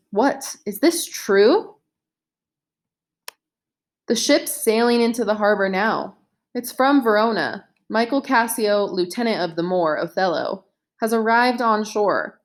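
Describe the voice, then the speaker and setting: Woman narrator, unhurried audiobook read, mid-range voice, gentle character shifts. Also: medium pitch. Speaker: narrator reading a modern retelling of a play.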